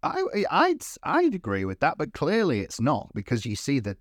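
A man's voice: mid-range voice, wildly swooping pitch, normal speed, dry recording, studio quality. A man co-hosting a casual podcast, recapping a film with lots of swearing and put-on character voices. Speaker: podcast co-host.

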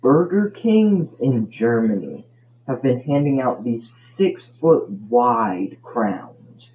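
A man's voice: medium pitch, highs cut off. A man hosting a casual solo podcast, rambling and tripping over his words. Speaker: podcast host.

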